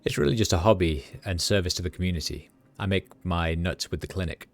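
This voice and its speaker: A man's voice: low-pitched, a little fast. A man voicing a hungover, cheerful, middle-aged male street doctor with a loose Midwestern accent and words piling together, jokey and boastful. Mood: easygoing. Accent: Midwestern American. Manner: jokey, laid-back, boastful. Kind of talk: reading game dialogue aloud on a livestream.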